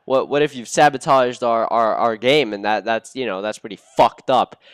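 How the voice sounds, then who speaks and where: A young man hosting a gaming channel, giving casual, excitable gameplay commentary with cursing and sudden bursts of outrage. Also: mid-range voice, moderate pace, clean tone, dry recording.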